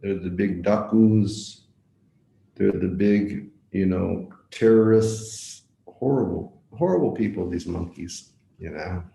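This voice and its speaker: A man's voice: low-pitched, slow pace, vocal fry, mellow, echoey room, poor audio. A man giving a devotional lecture as a visiting monk, telling a story, repeating words for emphasis and asking his listeners direct questions. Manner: asks the audience direct questions.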